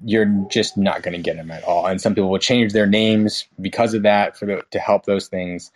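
Low-voiced young man, rambling chat. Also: steady tone, normal speed. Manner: rambling, many restarts and fillers; frank, swears casually. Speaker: guest. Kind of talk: casual conversation.

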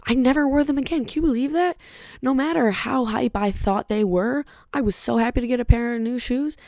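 Blunt young woman with a gravelly voice. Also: fairly high pitch, normal speed, a little mellow, no echo, studio quality. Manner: candid and blunt, with frequent swearing; chatty and rambling, with side remarks. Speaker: podcast host. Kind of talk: casual podcast monologue.

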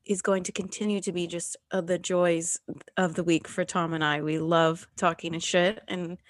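A woman's voice: on the low side, level tone, moderate pace, no room sound. A woman co-hosting a podcast in casual chat, enthusiastic and earnest, often giggling. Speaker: podcast co-host.

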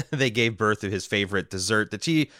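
Male podcast co-host, smooth, crisp voice, casual and halting delivery. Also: fairly low pitch, animated, a bit bright, dry recording, clean studio sound. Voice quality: halting, many fillers and restarts. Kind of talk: casual podcast chat, reading listener mail.

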